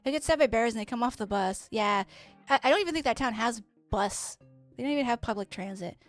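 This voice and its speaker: Woman, high voice, rambling casual storyteller, swears a lot, streaming a game. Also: a little fast, soft background music. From Canada. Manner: chatty, rambling, swears freely.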